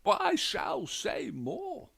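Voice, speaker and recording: Narrator voicing a fussy pompous widower, high-pitched and gravelly. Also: male voice, huge pitch swings, takes it slowly, full character voice. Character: fussy, prim, pompous middle-aged widower.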